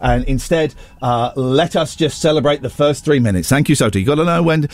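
A man hosting a radio show from the studio, teasing a caller and breaking into loud, excited outbursts. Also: fairly high pitch, brisk, hardly any pauses, no room sound. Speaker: radio host. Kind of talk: casual radio banter. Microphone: studio microphone.

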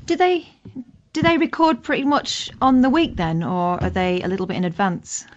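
Deadpan woman co-hosting radio, mid-pitched, lo-fi broadcast sound. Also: moderate pace. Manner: dry, unimpressed, deadpan. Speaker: radio co-host. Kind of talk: casual radio banter.

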